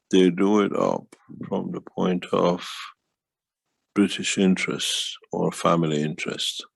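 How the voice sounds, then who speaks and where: A man speaking as a guest in a casual conversation, slow and rambling, sometimes dropping plural endings. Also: low voice, vocal fry, slightly rough, no echo, rough recording.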